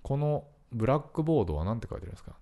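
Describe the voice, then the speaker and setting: A man's voice: medium pitch, big pitch swings, rapid-fire, warm tone. A man hosting a casual podcast, eagerly asking questions and reacting with constant backchannels. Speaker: podcast host.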